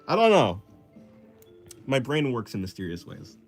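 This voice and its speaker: A man's voice: mid-range voice, wildly swooping pitch, slow pace. A young man streaming his drawing, casually chatting and reading viewer comments, rambling and joking at himself with frequent laughs. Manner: rambling, self-deprecating, laughs often. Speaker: artist streaming while drawing. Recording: faint music in the background.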